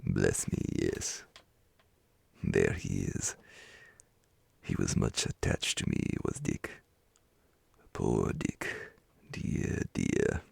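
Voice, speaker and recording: A man's voice: a bass voice, extremely slow, creaky, long pauses, husky, no room sound, voice pushed down, full character voice. A man voicing an old miser in a whispered role-play, who is wistful and stirred by memories. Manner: emotional exclamations in a whisper.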